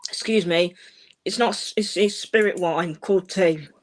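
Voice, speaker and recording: A woman's voice: fairly low pitch, normal speed. A woman hosting a live-streamed mediumship session, speaking reassuringly to callers and calling them darling and my love. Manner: warm, reassuring, uses endearments like darling and my love. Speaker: medium giving live readings. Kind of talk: live-streamed psychic reading.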